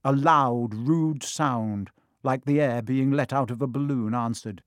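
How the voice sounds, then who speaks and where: Guy narrating an audiobook, expressive storytelling, dead dry sound. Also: medium pitch, a little slow, no room sound. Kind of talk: audiobook reading.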